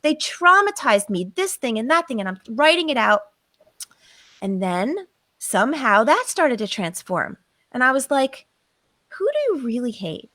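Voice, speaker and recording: Middle-aged woman, bright emphatic storyteller, dry close sound. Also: on the high side, big pitch swings, a little slow, no echo. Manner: emphatic, acts out her own inner voices. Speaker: psychotherapist guest. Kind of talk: personal storytelling on a podcast.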